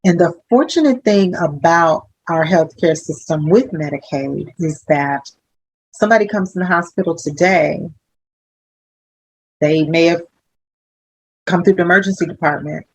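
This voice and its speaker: A woman hospital social worker, a guest in a conversational interview, explaining things in a measured way with some fillers. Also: fairly low pitch, breathy edge, rough recording.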